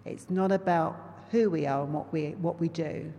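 A woman's voice: low voice, steady tone, normal speed, highs cut off, slight background noise. London woman preaching in an echoey hall. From England. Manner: earnest and conversational, warm asides to the congregation. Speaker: lay preacher. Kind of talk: personal testimony sermon.

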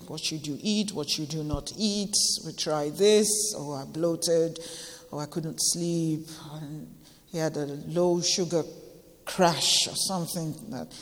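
A woman in her forties sharing an emotional personal testimony with a church gathering, halting and tearful, repeating phrases for emphasis. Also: on the low side, long reverb tail.

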